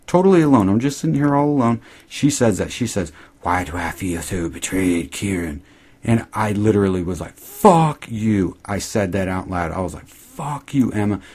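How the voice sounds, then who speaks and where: A deep-voiced man recaps a TV episode in a loose, profane, sarcastic rant. He talks animatedly, alone in a room at home. His pitch sits well below the usual for a man. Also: a little mellow. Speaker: TV show reviewer.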